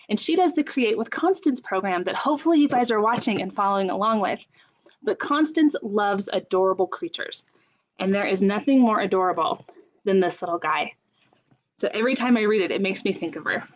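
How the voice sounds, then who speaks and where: A young woman leading a children's story time, asking slow sing-song questions and making playful animal sounds. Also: mid-range voice. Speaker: children's librarian. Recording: dull lo-fi camera audio.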